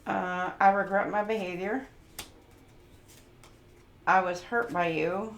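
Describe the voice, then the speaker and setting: A woman's voice: medium pitch, steady tone, slow, gravelly. A woman giving a casual, playful tarot reading, sometimes goofy, reading card messages aloud to her viewers. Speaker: tarot reader. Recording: roomy echo, faint background noise.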